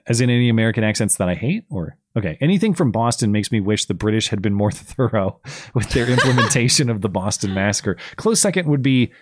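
A man's voice: on the low side, lively intonation, fast talker. A man hosting a call-in show, chatting casually and rambling with plenty of fillers and restarts. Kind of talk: casual chat.

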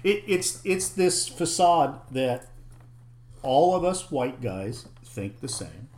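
A middle-aged man in a casual, frank discussion, swearing freely and talking with animated emphasis. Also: medium pitch, slow pace, echoey room. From United States, parents from Oklahoma and Arkansas.

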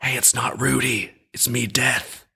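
A man's voice: medium pitch, steady tone, unhurried, creaky, sharp tone, breathy edge, voice pushed up, heavily acted. A man voicing a laid-back male Death in human form, talking casually and offhand.

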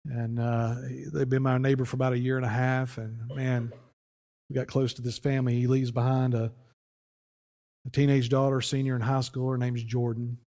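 A pastor telling a story in a folksy, conversational sermon, with frequent restarts. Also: male voice, mid-range voice, level tone, normal speed, mellow. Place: church sanctuary. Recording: long church reverb.

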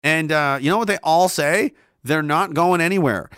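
A man's voice: fairly high pitch, moderate pace, a bit bright, clean tone, no echo, studio quality. A man hosting a livestream, ranting in a heated, profane way and repeating himself as he pushes his point. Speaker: livestream host.

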